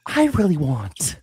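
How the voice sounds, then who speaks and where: Menacing villain whisper, from a man doing an impression: slow, husky, sinister. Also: on the high side, a little mellow, no room sound, pitched above the performer's own voice, exaggerated voice. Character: Joker, menacing male villain.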